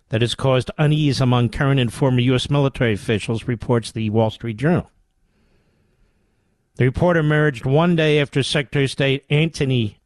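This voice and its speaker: A man's voice: mid-range voice, no echo. A man hosting a political talk radio show, delivering combative, mocking commentary.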